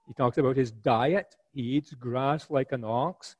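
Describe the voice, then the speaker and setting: Earnest man preaching, mellow dry voice. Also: medium pitch, a little slow, hardly any pauses, dry recording, highs cut off. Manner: earnest, rhetorical, paraphrases scripture in a lively voice. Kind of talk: expository sermon.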